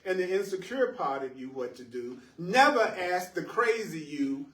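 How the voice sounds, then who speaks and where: A man teaching a live spiritual class to listeners in the room, animated and playful, laughing at his own jokes and repeating phrases for emphasis. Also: sits high, moderate pace, slight background noise. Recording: roomy echo, voice picked up from a distance.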